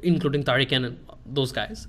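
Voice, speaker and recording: Fast-talking man, code-switching. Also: medium pitch, fairly bright tone. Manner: fast, switching between English and Bengali, many fillers. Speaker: podcast host and coach. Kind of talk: casual streamed chat.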